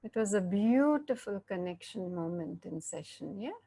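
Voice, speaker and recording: A woman giving a reflective interactive talk, speaking gently and often checking in with her listeners. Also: medium pitch, expressive, gravelly. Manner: slow, gentle, checks in with "yeah?".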